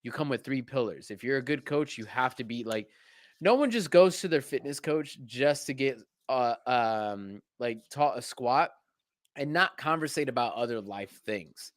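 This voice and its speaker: Young man, mid-pitched, dry close sound, candid and halting, self-mocking. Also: lively intonation, no echo. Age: young adult. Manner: candid, self-deprecating, halting with many restarts and fillers. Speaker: podcast co-host. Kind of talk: casual podcast chat.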